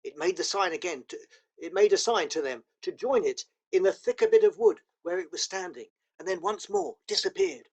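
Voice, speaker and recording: A man narrating a children's novel aloud with expressive storytelling. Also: high voice, moderate pace. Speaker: audiobook narrator.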